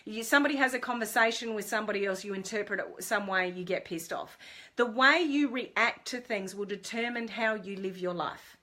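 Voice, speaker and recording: A middle-aged woman talks straight to her viewers in a casual live stream. Her voice is bright and forward. She tells her story in an animated, chatty way, full of ums and quick asides, and her pitch sits in an ordinary middle range. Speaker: business mentor. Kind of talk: casual Facebook Live talk.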